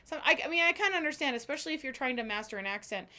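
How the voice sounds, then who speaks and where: A woman hosting a casual interview, chatty and quick to laugh, filling her talk with "like" and "you know what I mean". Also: high voice, animated, sharp tone. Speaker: podcast host.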